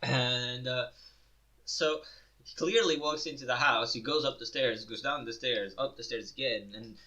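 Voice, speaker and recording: A young man co-hosting a casual podcast, laughing often, swearing and telling stories in loud put-on voices. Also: medium pitch, measured pace. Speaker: podcast co-host. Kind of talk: casual chat. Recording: dull lo-fi sound.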